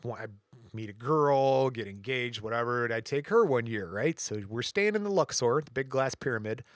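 A man's voice: mid-range voice, moderate pace, no room sound, studio quality. A man co-hosting a podcast, telling a long anecdote in casual chat and acting out the voices of the people in it. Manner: animated anecdote teller, acts out quotes. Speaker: podcast co-host.

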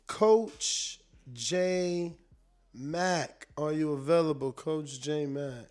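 A man's voice: a little high, very slow, darkish tone, smooth. A man hosting a casual call-in show, laid-back and slangy, calling out listeners by name.

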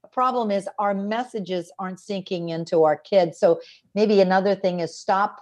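This woman's voice is medium in pitch and her pace moderate as she talks about raising boys. A guest author on parenting, she animatedly tells stories on a podcast, quoting the children and parents she spoke with.

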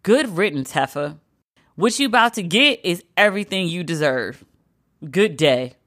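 A woman hosting a solo pop-culture podcast, talking in a sassy, sarcastic, animated way. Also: fairly low pitch, normal speed. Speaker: podcast host.

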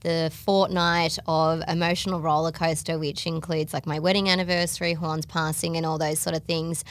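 An Australian woman co-hosting a podcast, talking in a chatty, quick way full of "like" and laughs. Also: deep voice. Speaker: podcast co-host. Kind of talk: casual chat.

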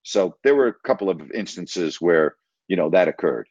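A man's voice: deep voice, lively intonation, normal speed, a little mellow, slightly rough, dry recording. A man and former team broadcaster telling a story in a casual interview, talking emphatically and retelling conversations line by line. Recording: dry, slightly dull audio.

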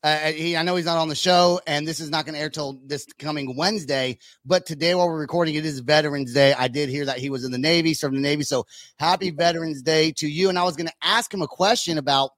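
A man's voice: a little high, steady tone, fast, a bit bright, dry recording. A man in his thirties from California hosting a podcast, chatting casually with crude, profane jokes. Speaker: podcast host. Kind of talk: casual chat.

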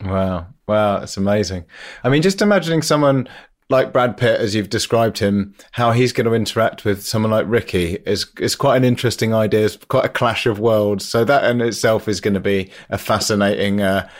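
Bloke hosting a chat podcast, laughs along, pokes fun at himself. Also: male voice, on the low side, normal speed. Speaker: podcast host. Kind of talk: casual chat.

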